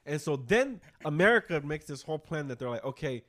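A man's voice: on the high side, big pitch swings, brisk, few pauses, fairly bright tone. A man hosting a casual podcast, retelling a movie in a rambling, profane way. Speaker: podcast host. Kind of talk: casual chat.

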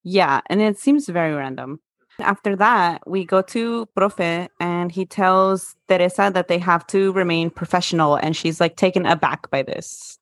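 A woman chatting casually as co-host, relaxed and agreeable, often chiming in with yeahs. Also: on the low side, unhurried, dry recording, studio quality. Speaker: podcast co-host. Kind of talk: casual chat.

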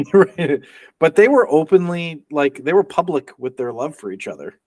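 A man's voice: a little high, very animated, moderate pace, a little mellow, no echo. Joking man co-hosting a chat show. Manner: joking, rambling with restarts and laughs. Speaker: podcast co-host. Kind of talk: casual chat.

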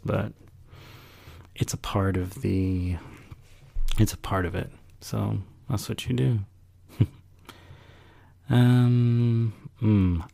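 Gravelly low-voiced man musing aloud. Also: mellow. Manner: rambling and reflective, with laughs and sighs. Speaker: podcast host. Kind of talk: casual solo podcast monologue.

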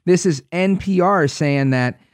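A man's voice: high voice, measured pace, no echo. A man hosting a talk radio show, reading news aloud with sarcastic asides.

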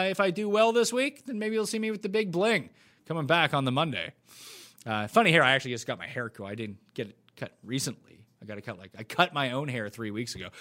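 A man hosting a casual livestream Q&A, answering questions with quick, blunt replies and wisecracks. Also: mid-range voice, a bit bright. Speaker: livestream host.

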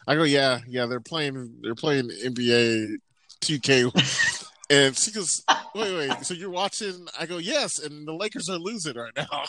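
A man in casual chat, telling animated, laughing stories about his family. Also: measured pace. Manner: mimics others in a high voice.

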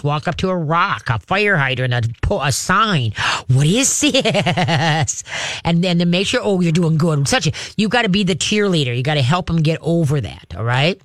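A man hosting a call-in radio show, giving pet advice in an animated way and acting out cheerful coaching voices. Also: fairly high pitch, no echo. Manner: animated, acts out coaching voices, laughs often.

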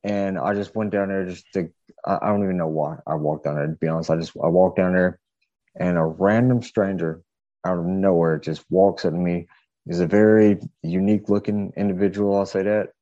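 A man's voice: deep voice, fairly even intonation, fairly quick, warm tone, no room sound, muffled recording. A man guesting on a podcast, telling a strange personal story in a rambling, hesitant way, full of fillers and restarts. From southeastern United States. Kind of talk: casual storytelling.

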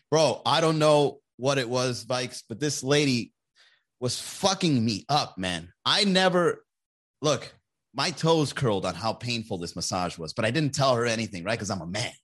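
A man's voice: a little high, fairly bright tone. Crude, rambling man telling a story. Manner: rambling, crude, laughs often, acts out voices. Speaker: podcast host. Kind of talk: casual storytelling monologue.

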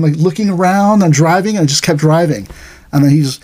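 A man's voice: on the high side, fast talker, a little mellow. A middle-aged man, an aikido teacher, telling stories in casual chat, acting out quoted voices and laughing along.

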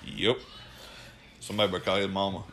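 A man's voice: sits low, level tone, fast, fairly bright tone, a little hiss or hum. A man, co-hosting a casual podcast chat, telling profane stories and acting out what people said. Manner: profane, storytelling with voiced quotes. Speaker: podcast co-host, former wrestler.

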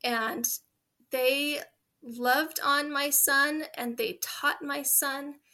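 A woman's voice: high voice, fairly even intonation, extremely slow, bright, forceful tone. A woman in her forties, a guest in a conversational interview, telling heartfelt stories in an earnest way.

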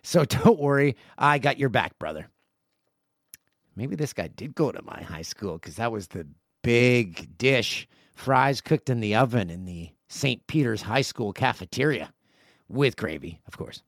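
A man in his forties hosts a casual solo podcast and reads listener emails aloud, breaking off for jokey asides. His voice sits at an ordinary pitch. It is recorded close and dry, with no room sound. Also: sing-song, a little slow, no echo. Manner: chatty, jokey asides while reading mail. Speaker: podcast host.

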